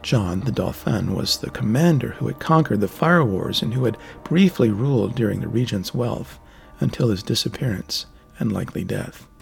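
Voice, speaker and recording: Gravelly male audiobook narrator. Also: lowish voice, animated, moderate pace, faint music behind. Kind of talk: scripted fantasy narration.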